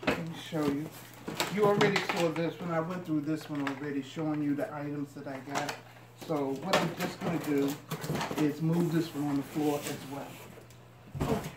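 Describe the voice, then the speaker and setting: A woman with a deep voice chats casually to her viewers while unpacking boxes and showing off each item, as a couponing vlogger would. Her intonation stays fairly even and her pace moderate. The room is echoey and noisy.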